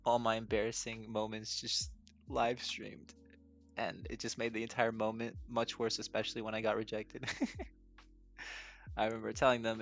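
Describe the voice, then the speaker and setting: A man's voice: lowish voice, level tone, moderate pace, creaky, long pauses, a bit bright. A young man hosting a casual solo podcast, telling stories with frequent laughs and a self-deprecating manner. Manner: laughs often, self-deprecating, acts out his own nervous stammering. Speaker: podcast host. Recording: dull lo-fi audio with faint music.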